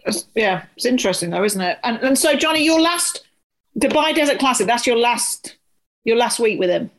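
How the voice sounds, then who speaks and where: A woman's voice: fairly high pitch, expressive, moderate pace, rough recording. A woman hosting a casual interview, asking teasing questions in a chatty way with many restarts. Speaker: host.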